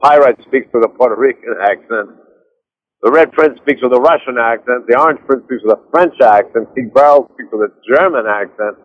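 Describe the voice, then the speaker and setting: A man's voice: mid-range voice, brisk, highs cut off. A man talking as a guest author on a call while driving, hesitant and rambling with many restarts. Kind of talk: phone interview.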